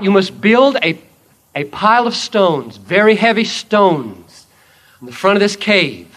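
A man preaching, voicing Jesus as a calm, commanding king in a solemn, measured way. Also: high-pitched, pitched above the performer's own voice, full character voice.

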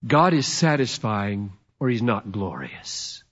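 A man's voice: lowish voice, sing-song, takes it slowly, highs cut off. Emphatic preacher in his fifties. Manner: emphatic, sudden swings from loud to hushed, playful. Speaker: pastor. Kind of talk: sermon.

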